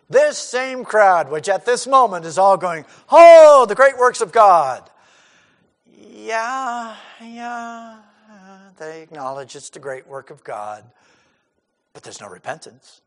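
A man preaching an expository sermon who acts out crowd voices and swings from loud to hushed. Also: sits high. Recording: hall reverb.

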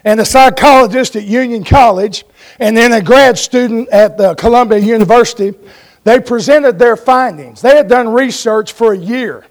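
A man preaching a sermon in a folksy way, telling stories and asking his congregation for an amen. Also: very high-pitched.

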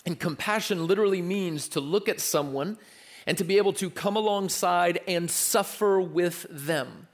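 A man's voice: sits high, moderate pace. A young adult man preaching a sermon in an earnest, conversational way, repeating his key phrases and restarting his sentences. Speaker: pastor.

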